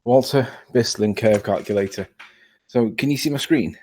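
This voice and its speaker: On a video call during a live stream, a man argues his point insistently in a casual debate, stammering over his words. His voice is mid-range and darkish, at a normal pace.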